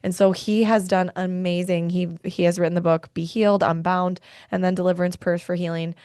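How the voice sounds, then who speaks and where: Speaking briskly with few pauses, a podcast host delivers faith-based wellness talk in a fairly low, slightly mellow voice with a level tone. Her manner is earnest and heartfelt, and she often gets worked up about what she's saying. It's a studio-quality recording with no room sound.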